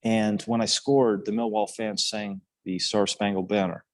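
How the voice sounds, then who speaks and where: An older man speaks on a podcast in a low, dry close-mic voice. He rambles earnestly through his story, restarting phrases and leaning on fillers as he goes. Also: flat delivery, a little slow, no echo. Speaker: podcast guest, former national team player. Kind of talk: casual storytelling interview.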